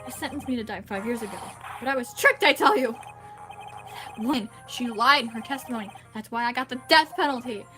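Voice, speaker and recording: A woman's voice: fairly high pitch, brisk, pushed and bright. A woman voicing a frightened male prison escapee who stammers and pleads his innocence with broken grammar, reading game dialogue in voices. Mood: insistent. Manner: pleading, stammering, ungrammatical double negatives. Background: game music.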